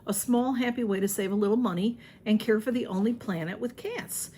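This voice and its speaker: Woman, casual gushing unboxing vlogger who chats to her cats, mid-pitched voice, faint hiss behind her. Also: brisk, mellow. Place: home.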